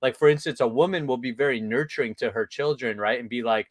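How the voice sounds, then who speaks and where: A man's voice: medium pitch, fast, few pauses, dry recording, studio quality. A man hosting a casual podcast conversation as a men's coach, talking bluntly with emphatic, punchy delivery and frequent swearing.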